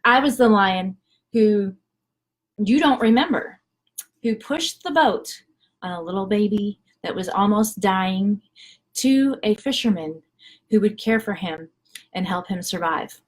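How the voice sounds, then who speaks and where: A woman quoting a wise, gentle male lion in a calm, reassuring way while retelling a story. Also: high voice, a little slow, pauses often.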